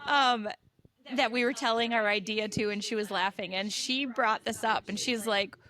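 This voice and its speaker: A woman with a Wisconsin Midwestern accent, chatting loosely as a podcast co-host. Her voice sits a little high, and she rambles with plenty of fillers and laughs. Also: normal speed, pushed and bright. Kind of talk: casual chat between sisters.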